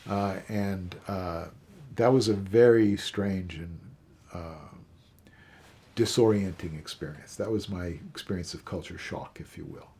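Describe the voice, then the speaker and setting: Canadian professor, older man, husky low voice, reflective storytelling, halting delivery. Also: fairly even intonation, darkish tone. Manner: halting, many fillers and restarts. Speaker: psychiatry professor interviewed.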